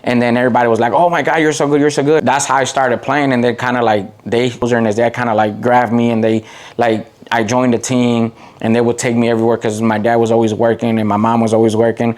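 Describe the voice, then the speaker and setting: A middle-aged man from the Waukegan area, speaking at an ordinary pitch for a man. He tells long, rambling stories full of fillers and restarts. He gets animated whenever he quotes someone. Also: fast talker. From Waukegan area, Illinois. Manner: rambling, many "like" fillers and restarts, animated when quoting people. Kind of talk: casual interview storytelling.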